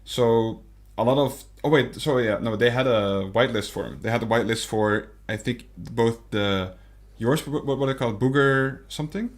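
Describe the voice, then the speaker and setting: A man's voice: medium pitch, moderate pace. A young man co-hosting a casual podcast, talking hesitantly with frequent restarts and fillers. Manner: hesitant, stammering restarts, lots of um and like. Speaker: podcast co-host.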